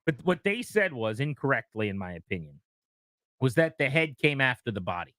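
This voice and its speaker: A male sports radio co-host vents with sarcastic exasperation. His bright voice sits a little high and moves up and down a lot. He sounds close and dry on a studio mic. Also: sing-song, a little fast, dry recording. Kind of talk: sports talk.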